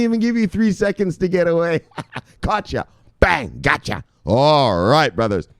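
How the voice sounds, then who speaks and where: Hyped-up man shouting and swearing. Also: very animated, measured pace, no echo, clean studio sound. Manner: shouts bursts of "Bang!", swears, hypes his viewers; swings from loud yells to low mutters. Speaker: crypto news show host. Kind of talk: excitable casual news show with profanity.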